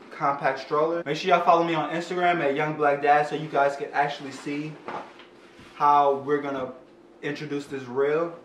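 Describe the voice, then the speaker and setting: A man's voice: on the high side, fairly bright tone, a little hiss or hum. A young man, a father, unboxing a product for his vlog, hyped and playful, talking straight to his viewers. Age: young adult. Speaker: father and vlogger reviewing a product. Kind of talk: excited unboxing vlog talk. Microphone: phone camera. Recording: roomy sound, mic at a distance, faint ambience.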